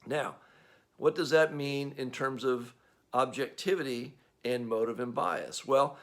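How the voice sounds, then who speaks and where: A man's voice: medium pitch, measured pace, creaky. A man with an Australian accent preaching a sermon as pastor, in a conversational way with frequent fillers.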